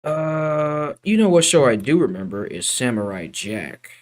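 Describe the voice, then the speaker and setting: A young man streaming, chatting casually, rambling, swearing freely and drifting between loud bursts and mutters. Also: medium pitch, big pitch swings, a little slow. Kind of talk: casual livestream chat.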